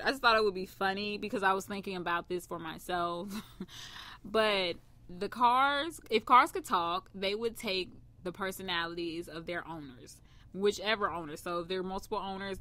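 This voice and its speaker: A woman co-hosting a podcast in casual chat, giggly and animated, telling stories with little impressions. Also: medium pitch. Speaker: podcast co-host.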